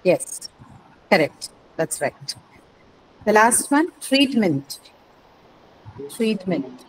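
A woman's voice: medium pitch, sing-song, drawn-out words, slight background noise, poor audio. A woman English teacher taking an online class, explaining word stress patiently and confirming answers with "correct" and "that's right".

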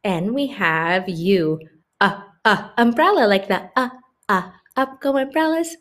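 A woman teaching a phonics lesson to young children, slowly and clearly sounding out each letter and word. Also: medium pitch, expressive, fairly bright tone. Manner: slow, exaggerated sounding-out of letters. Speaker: kindergarten teacher.

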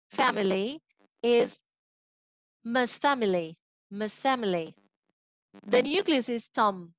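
A woman with an Argentine Spanish accent teaches phonetics online, talking slowly and patiently in a fairly high voice. Her delivery is clear, and she keeps asking whether the students follow. The call audio is dry and a little dull. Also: no room sound. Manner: patient, explanatory, checks understanding with "right?". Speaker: phonetics lecturer. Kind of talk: online lecture.

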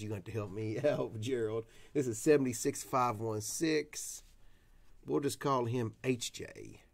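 In a creaky, mid-range voice, a Tennessee man hosts a laid-back card-breaking stream, chatting with rowdy energy, loud whoops and plenty of profanity.

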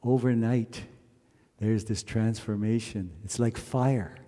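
A man from Canada leading a wedding ceremony, telling stories in a gently reflective way and now and then chanting verses. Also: fairly low pitch, steady tone, takes it slowly. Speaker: wedding officiant. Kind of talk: wedding sermon with sung verses. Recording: long hall reverb.

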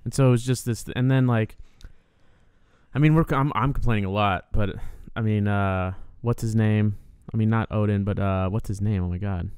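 A man's voice: lowish voice, fairly even intonation, normal speed, darkish tone, clean tone, no echo, clean studio sound. A man co-hosting a casual film podcast, opinionated and rambling, with lots of fillers. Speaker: podcast co-host. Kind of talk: casual film review chat.

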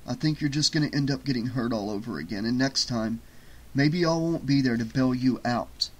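A man's voice: mid-range voice, moderate pace, husky, close to an everyday voice. A man voicing a worried, earnest young man who lectures tiredly, close to his own voice. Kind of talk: audiobook character voice.

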